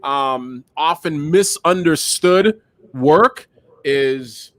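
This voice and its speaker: A man hosts a live talk show with eager, animated energy, his speech full of fillers. His voice sits a little high. The sound is dry and close to the mic. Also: very slow, no room sound. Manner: enthusiastic, animated, many fillers. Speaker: host.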